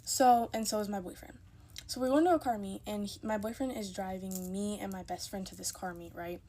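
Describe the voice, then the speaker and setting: A woman's voice: mid-range voice, fairly quick, warm tone, a little hiss or hum. A young woman telling a casual storytime into her phone, chatty and emphatic, acting out the people in her story.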